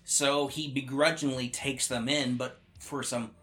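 A man co-hosting a podcast, casually recapping a horror movie plot and tossing in quick character voices. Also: medium pitch, fairly even intonation, a bit bright, soft background music. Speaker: podcast co-host. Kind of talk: casual movie review chat.

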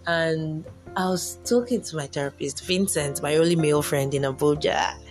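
A relationship-advice vlogger, a young woman with a low voice, chats at a moderate pace in a casual storytelling monologue, faint music in the background. She frequently laughs and voices her younger self in quotes.

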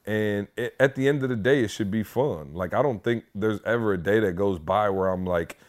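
Man, podcast co-host, lowish voice, emphatic, encouraging. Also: normal speed. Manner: emphatic, encouraging, repeats himself. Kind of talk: casual podcast chat.

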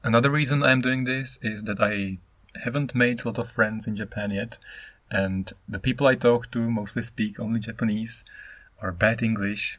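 A man in his thirties from the Czech Republic, a non-native speaker, hosting a solo podcast in a rambling, animated way. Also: on the low side, no echo. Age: 30s. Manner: rambling, animated, acts out intonations. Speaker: podcast host.

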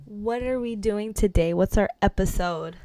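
A woman co-hosting a casual book podcast, excitable and playful, laughing and teasing her friend. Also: medium pitch, moderate pace, no room sound. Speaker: podcast co-host. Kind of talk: casual chat. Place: apartment in New York City.

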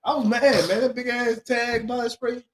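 A man in a casual chat, excitable and exclamatory, laughing as he tells his story. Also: very high voice, normal speed, slight background noise.

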